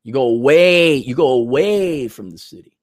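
A man's voice: medium pitch, expressive, moderate pace, dry recording, studio quality. A man hosting a podcast, ranting with profanity and sarcasm and reading out viewer donations. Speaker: podcast host.

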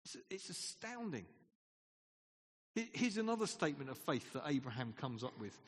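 A man's voice: fairly high pitch, very animated, normal speed, breathy edge. A man preaching a sermon in a conversational way, asking the congregation questions and laughing often. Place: church hall. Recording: long hall reverb.

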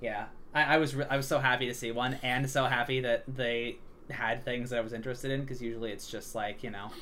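A man's voice: medium pitch, fairly even intonation, a little fast, bright, forceful tone. A young man co-hosting a podcast in casual chat, telling stories loosely with lots of filler words. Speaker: podcast co-host. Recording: faint background noise.

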